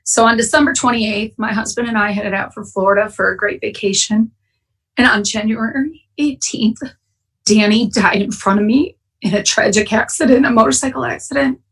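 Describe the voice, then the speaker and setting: Breathy woman sharing her recovery story. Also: on the high side, steady tone, moderate pace, a bit bright, far from the mic, rough recording. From Wisconsin. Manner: emotional, candid, choking up at times. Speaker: AA speaker. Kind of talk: personal recovery share. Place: online conference, at home.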